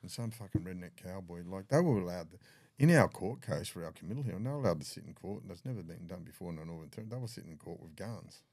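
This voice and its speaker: A man's voice: sits low, lively intonation, quick pace, creaky, darkish tone, breathy edge, dry recording, studio quality. An older Australian man telling his story in a blunt, profane way, often acting out what others said. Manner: blunt, swears freely, acts out dialogue. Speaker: podcast guest. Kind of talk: candid storytelling.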